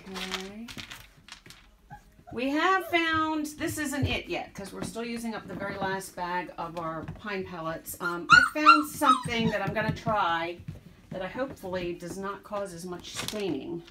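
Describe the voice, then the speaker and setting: A woman's voice: medium pitch, big pitch swings, normal speed. A woman dog breeder chatting casually while showing her puppies, slipping into baby talk with them. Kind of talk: casual vlog narration. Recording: background noise.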